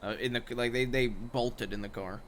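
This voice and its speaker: A man's voice: medium pitch, steady tone, normal speed, a bit bright, slight background noise. A man chatting casually in character during a role-play game, laid-back and dryly boastful. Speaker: streamer role-playing a character.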